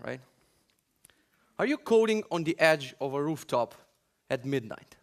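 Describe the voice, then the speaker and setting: A man's voice: on the high side, lively intonation, normal speed, pauses often. A man from Macedonia giving a joking, sarcastic conference talk and ranting to a hall audience. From North Macedonia. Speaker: conference speaker.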